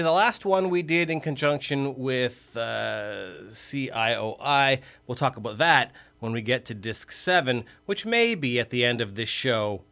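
A man's voice: mid-range voice, fairly bright tone. A man hosting a campus radio show, chatting casually between tracks with rambling asides. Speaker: radio host. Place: radio studio.

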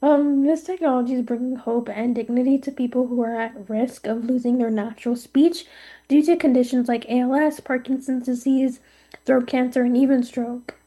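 A woman co-hosting a scripted podcast chat, reading steadily and often pausing with ums. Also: sits high, steady tone, mellow. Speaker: co-host.

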